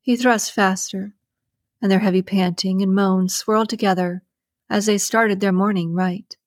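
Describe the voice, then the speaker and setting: Female audiobook narrator, mid-range voice, steady scripted romance read, dry booth sound. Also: medium pitch, moderate pace, no room sound.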